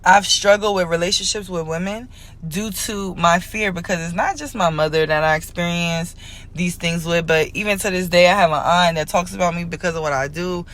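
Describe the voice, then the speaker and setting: A woman's voice: fairly low pitch, fairly quick, fairly bright tone. A woman talking casually as an astrologer and spiritual reader, candid and emotional, rambling loosely and checking in with her viewers. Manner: addresses viewers directly, checks in often. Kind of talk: casual confessional astrology talk.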